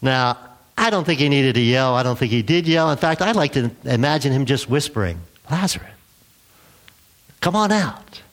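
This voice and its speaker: A man's voice: medium pitch, quick pace, few pauses. A man delivers a sermon to his congregation, talking easily and plainly rather than thundering. His voice sits in an ordinary middle range. He acts out the lines of the people he quotes, with a chuckle here and there. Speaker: pastor.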